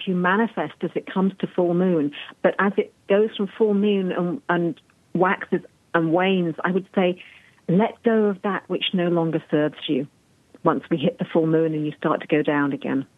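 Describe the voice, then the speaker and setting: Woman, clairvoyant radio guest, gentle and earnest, low voice, tinny phone line. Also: no echo.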